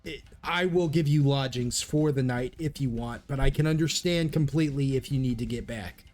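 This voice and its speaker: A man voicing a kind, hospitable male character who offers lodging in a gentle, formal way. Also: medium pitch, moderate pace, soft background music, natural voice. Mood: kindly.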